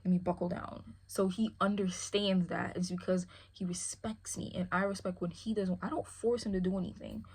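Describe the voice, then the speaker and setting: A woman's voice: medium pitch, steady tone, normal speed, hardly any pauses, a little mellow, slightly rough. A woman who handles a service dog, talking casually and rambling, often asking "you feel me". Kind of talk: casual chat.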